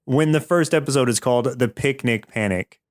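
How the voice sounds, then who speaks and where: A man's voice: medium pitch, moderate pace. A man co-hosts a casual podcast chat, wry and amused, laughing often. His voice is mid-range and ordinary. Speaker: podcast co-host.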